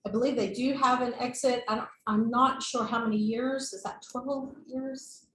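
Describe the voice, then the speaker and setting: A woman's voice: fairly high pitch, steady tone, moderate pace. Woman presenting in an echoey boardroom. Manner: informal, with fillers and self-corrections. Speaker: staff member presenting to a board. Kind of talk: meeting presentation. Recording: echoey room mic, faint noise.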